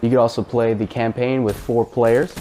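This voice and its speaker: A man's voice: medium pitch, flat delivery, normal speed, mellow, slight background noise. A man hosting a casual spoken game review, talking in a chatty, rambling way with fillers and the odd swear word. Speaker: gaming channel host.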